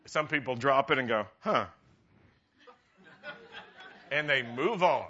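Chuckling rabbi with a bright voice. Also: male voice, mid-range voice, fairly quick, lo-fi sound, some chatter behind. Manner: chatty, laughs at his own jokes. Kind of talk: humorous sermon.

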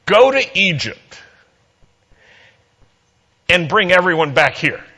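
A man's voice: high voice, very animated, takes it slowly, bright, forceful tone, husky. A man preaching a sermon, telling a humorous personal story and acting out the dialogue with playful energy.

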